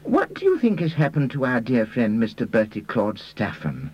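A man's voice: on the high side, steady tone, moderate pace, highs cut off, voice pushed up, close to an everyday voice. A man voicing a dry, sardonic detective.

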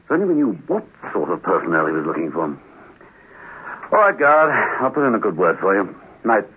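An actor playing a suave male agent with a dry, calm, understated manner. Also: fairly low pitch, brisk, background noise. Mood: thoughtful. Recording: tinny old radio recording.

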